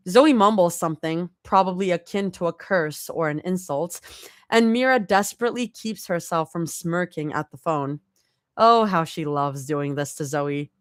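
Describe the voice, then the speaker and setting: A woman's voice: low-pitched, normal speed, no echo, clean studio sound. A woman doing a casual live reading of a story, with small slips and restarts. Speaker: fanfic reader.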